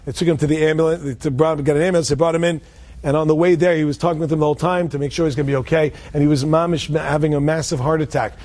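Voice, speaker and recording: A man's voice: a little high, steady tone, rapid-fire, a little mellow. A man telling an inspirational story in a conversational way, restarting sentences often and dropping in Hebrew and Yiddish words.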